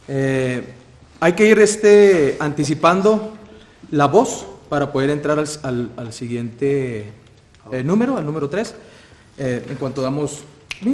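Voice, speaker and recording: Calm man explaining music. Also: on the high side, a little hiss or hum. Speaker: music instructor. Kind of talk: music lesson.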